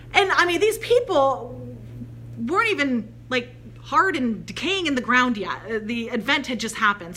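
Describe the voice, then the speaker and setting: A woman telling a spiritual story in a casual, chatty way, acting out the voices of the people in it. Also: high voice. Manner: chatty, animated, quotes voices in her anecdotes. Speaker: spiritual channeler.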